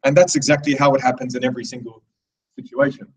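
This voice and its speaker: A man's voice: medium pitch, little pitch movement, quick pace, darkish tone, recorded from a distance, rough recording. A man in his thirties giving a rambling, digressive live speech to an audience, with many restarts. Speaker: speaker at a live event.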